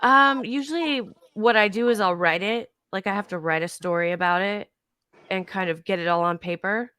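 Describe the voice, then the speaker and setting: A woman's voice: mid-range voice, bright, forceful tone, smooth, dry recording. A woman hosting a casual heart-to-heart chat, affirming and laughing often.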